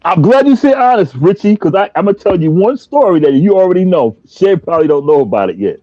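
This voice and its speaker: A man's voice: sits high, sing-song, quick pace, no room sound, dull audio. A man co-hosting a sports podcast who tells jokey stories with lots of energy and acts out the voices in them. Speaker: podcast co-host. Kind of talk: animated storytelling in casual chat.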